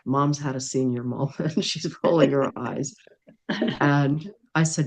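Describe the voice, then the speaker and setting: A woman's voice: low voice, a little mellow. A middle-aged woman, a podcast guest, telling a personal story in an interview, acting out the dialogue and laughing often. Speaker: podcast guest, dream worker.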